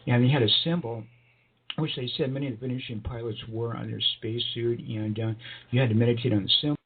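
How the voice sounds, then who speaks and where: A man on a tinny phone line with a faint hiss, telling a long personal story as an interview guest. He rambles with fillers and breaks into small chuckles, at a middle pitch.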